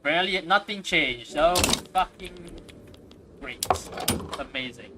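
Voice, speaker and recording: Man, streamer, casual livestream chat, laughs and swears a lot, slightly high pitch, heavy background noise. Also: expressive, slow pace. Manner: laughing, swearing, self-mocking.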